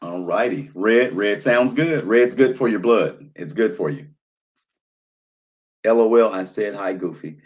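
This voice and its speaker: This is a lo-fi recording of a man in his thirties with a lowish voice and a measured pace. Hosting a live stream over wine, he chats casually, reads comments from viewers, and often repeats himself before trailing off with fillers.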